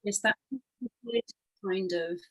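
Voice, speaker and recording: A woman hosting a conversation, speaking thoughtfully and reflectively. She has a plain, middle-pitched voice and takes her time to shape her points. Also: steady tone, slow pace, bright, forceful tone, rough recording. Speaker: interviewer, performance artist. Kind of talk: casual conversation.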